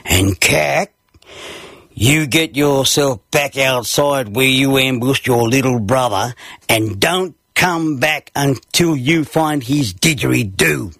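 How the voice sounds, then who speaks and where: A man voicing a stern father with an Australian accent who speaks in a slow, firm bellow. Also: mid-range voice, animated, gravelly, fairly bright tone, no room sound, clean studio sound, full character voice.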